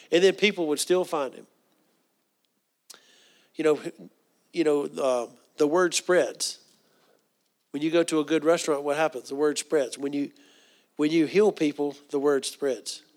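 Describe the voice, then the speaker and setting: A man preaching a sermon in a folksy, earnest way, with asides and restarts, dropping to a soft hush for quoted prayers. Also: on the high side.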